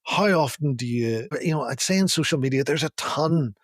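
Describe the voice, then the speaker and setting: A man's voice: mid-range voice, fairly quick, no room sound, studio quality. Man telling a funny story with laughs. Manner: animated, laughing while telling stories. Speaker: podcast co-host. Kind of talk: casual storytelling chat.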